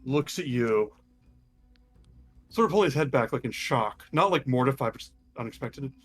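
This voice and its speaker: A man running a tabletop game as game master, talking in a relaxed, rambling way with lots of ums. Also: medium pitch, normal speed, husky, soft background music.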